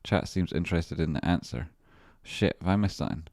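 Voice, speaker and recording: A man with a low voice runs a trading livestream, chatting loosely over his charts. He swears freely and keeps breaking off to greet viewers. The sound is close and dry, with no room around it. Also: a little fast, darkish tone, no room sound. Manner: rambling, profane, chatty asides to viewers. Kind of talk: casual live-stream chart commentary.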